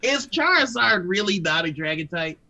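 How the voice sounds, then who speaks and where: A man's voice: high-pitched, sing-song, moderate pace, creaky, sharp tone, rough recording. A man co-hosting a live stream in casual chat, hungover, swearing freely and laughing a lot. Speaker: stream co-host.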